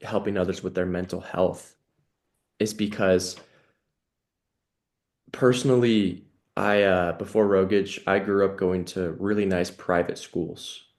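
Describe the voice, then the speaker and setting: A man's voice: low voice, steady tone, a little slow, pauses often, a little mellow. A man hosting a podcast, talking in an earnest, reflective way with many "you know" fillers. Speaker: podcast host. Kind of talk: casual conversational interview.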